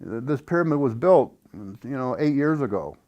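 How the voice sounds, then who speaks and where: An earnest man walks through a hands-on build in a casual, unscripted way. His voice sits in an ordinary middle pitch, and he pauses often, trailing into fillers and restarting his sentences. Now and then he softly chants a few syllables. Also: lively intonation, dull audio. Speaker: instructor demonstrating a build. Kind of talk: casual how-to explanation.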